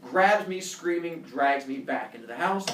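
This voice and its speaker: Guy teacher telling a story to the class, bright lively voice, echoey room, mic far away. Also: on the high side, normal speed, slight background noise. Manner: lively, acts out scenes with shouts and voices. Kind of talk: animated personal storytelling.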